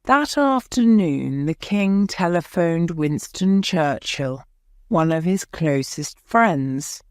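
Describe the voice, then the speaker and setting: A woman reads an audiobook story in a low voice, pacing each phrase very slowly and clearly. Her careful, steady reading suits English learners. The sound is close and dry, recorded on a close mic. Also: dry recording. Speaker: audiobook narrator. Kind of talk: graded-reader story narration for English learners.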